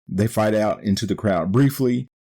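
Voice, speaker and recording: A man hosting a podcast, recapping an old wrestling show in a steady play-by-play way. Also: lowish voice, moderate pace. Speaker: podcast host.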